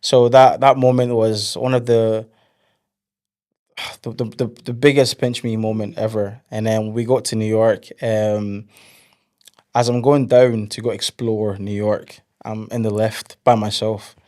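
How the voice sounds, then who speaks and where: A man's voice: lowish voice, measured pace. A young man, chatting casually as an interview guest and telling stories animatedly, acting out what others said. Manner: animated storyteller, acts out quotes. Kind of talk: casual chat.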